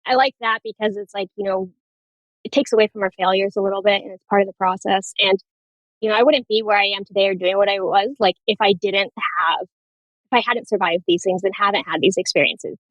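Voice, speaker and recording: A woman's voice: mid-range voice, fairly even intonation, fairly quick, fairly bright tone, no room sound, dull audio. A woman nurse practitioner speaking as a podcast guest, candid and storytelling, laughing often in casual chat.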